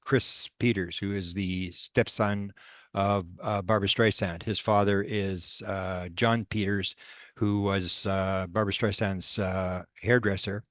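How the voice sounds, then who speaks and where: A man who is a paranormal researcher tells stories in a presentation. He talks haltingly, with many fillers and restarts. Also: low-pitched, fairly even intonation, a bit bright, no room sound, clean studio sound. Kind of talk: storytelling presentation.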